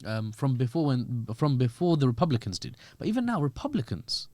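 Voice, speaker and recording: Animated man, dry close sound. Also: medium pitch, brisk, no room sound. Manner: animated, joking, acts out quoted voices. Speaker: podcast guest. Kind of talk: conversational political commentary.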